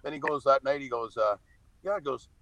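A man's voice: mid-range voice, brisk, pushed and bright, dry recording, rough recording. A man telling stories as a podcast guest over a call, blunt and freely profane. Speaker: podcast guest, reality show star. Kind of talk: casual storytelling on a call. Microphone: phone or video call over wifi.

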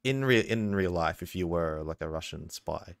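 A man with a very low voice talks in a loose, rambling way, working his thoughts out as he goes. The sound is close and dry, with no room around it, and his chat is easygoing. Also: expressive, moderate pace, gravelly, no room sound. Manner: rambling, thinks aloud with many fillers. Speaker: film discussion participant. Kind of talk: casual chat.

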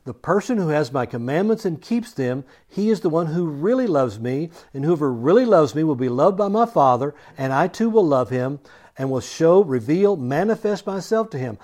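A man delivering a sermon, reading scripture passages and then preaching on them in his own words. He moves between loud, emphatic stretches and hushed, near-whispered lines, often restating a word two or three times to drive the point home. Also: a little high. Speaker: pastor.

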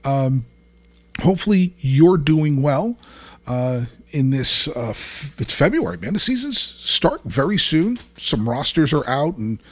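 A man hosting a casual podcast, talking in an animated, joking way with lots of fillers. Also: fairly high pitch, measured pace. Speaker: podcast host.

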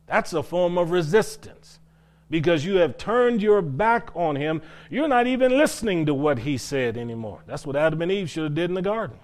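A man with a slightly high voice preaches a sermon. He puts rhetorical questions to the congregation and draws out key words for weight, slowing down to press each point home. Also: lively intonation. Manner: preaching with rhetorical questions, drawn-out emphatic phrases. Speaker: pastor.

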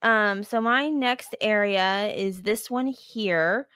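A woman's voice: medium pitch, slow, a bit bright, clean tone, no echo. A woman co-hosting a podcast in easy, rambling chat. She fills her sentences with ums and likes and teases her partner now and then. Her voice sits close and dry on the mic. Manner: chatty, lots of ums and likes, teasing. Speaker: podcast co-host. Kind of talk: casual chat.

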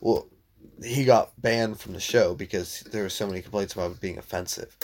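A man co-hosting a casual podcast chat, blunt and swearing freely, tossing in quick mock voices. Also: lowish voice, steady tone, darkish tone. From Italian heritage. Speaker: podcast co-host.

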